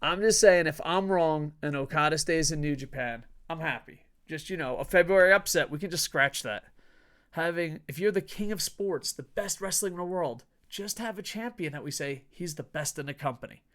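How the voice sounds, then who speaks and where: A man's voice: fairly high pitch, normal speed, fairly bright tone. A young man hosting combat sports news as casual commentary, swearing a lot, ranting and often laughing. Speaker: wrestling news host. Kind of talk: casual commentary reading headlines.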